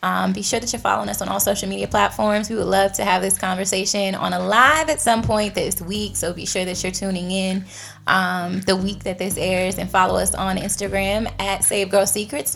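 A woman's voice: mid-range voice, fairly even intonation, normal speed, gravelly, a bit bright, faint music behind. A woman co-hosting a faith podcast, chatting casually and often asking "you know what I mean.". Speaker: podcast co-host.

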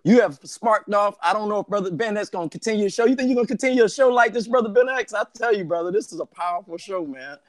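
A man co-hosting a casual talk show, affirming the guest with quick interjections. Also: sits high, animated, no echo. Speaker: co-host.

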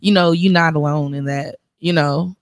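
Lowish-voiced woman, laughing guest. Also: normal speed, dry recording. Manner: laughs often, relaxed and encouraging. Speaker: esthetician and spa owner, guest. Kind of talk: casual interview chat.

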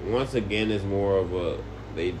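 A man co-hosting a casual podcast, explaining his views calmly and plainly. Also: deep voice, moderate pace, noisy background. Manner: calm, matter-of-fact. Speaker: podcast co-host. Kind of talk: casual chat.

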